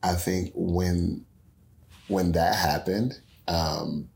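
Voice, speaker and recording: Young man from Houston, very low and gravelly voice; earnest interview guest. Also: steady tone, very slow, darkish tone, slight background noise. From Houston, Texas. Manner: earnest, with frequent restarts and quoted dialogue. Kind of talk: emotional personal storytelling.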